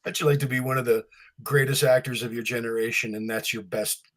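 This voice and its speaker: Husky, joking man. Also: medium pitch, fairly even intonation, quick pace. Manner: joking, laughs often. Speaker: impressionist guest. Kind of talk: casual chat.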